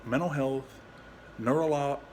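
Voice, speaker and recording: A young adult man, a veteran, talking candidly at home into his phone, frustrated and halting, swearing a lot and restarting his sentences. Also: medium pitch, steady tone, a little mellow, a little hiss or hum. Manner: frustrated, rambling, heavy swearing. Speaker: veteran vlogger. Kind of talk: candid personal vlog.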